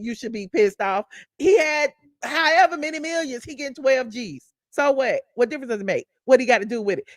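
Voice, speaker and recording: A woman's voice: a little high, no room sound, clean studio sound. A Southern-accented woman hosting a live stream, ranting heatedly and profanely with emphatic repetitions. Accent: Southern American. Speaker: YouTube commentary host. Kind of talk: live-stream commentary rant.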